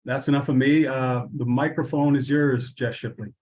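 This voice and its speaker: A man with a middling voice opens an online workshop. He speaks in a measured way, pausing on fillers and restarting his sentences. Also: medium pitch, steady tone, a little mellow, poor audio. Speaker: workshop host. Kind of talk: opening remarks at an online workshop.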